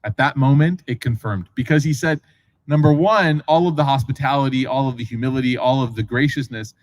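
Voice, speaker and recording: A preacher with a medium-pitched, fairly quick voice tells a religious story in a relaxed, lecture-like way. He's an animated storyteller who acts out the voices of the people in it and keeps making asides to the audience. The recording is rough.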